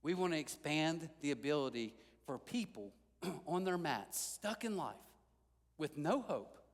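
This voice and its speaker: A man's voice: a little high, unhurried, big-room sound. A male pastor preaching a sermon, telling stories and acting out the lines of the people in them. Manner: animated storytelling, acting out quotes. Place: large church hall.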